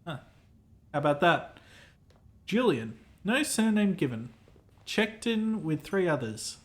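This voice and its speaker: A man's voice: high-pitched, sing-song, slow, pitched above the performer's own voice, full character voice. A man voicing a pompous, self-important male hotel clerk in a game, reading the lines aloud in a formal, fussy, theatrical manner.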